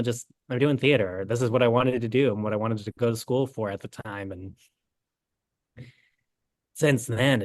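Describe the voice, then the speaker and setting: A young adult man, a knitting designer telling an animated story in a casual interview, acting out the quotes. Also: mid-range voice, no room sound, clean studio sound. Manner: animated, acts out quotes with lots of "I'm like".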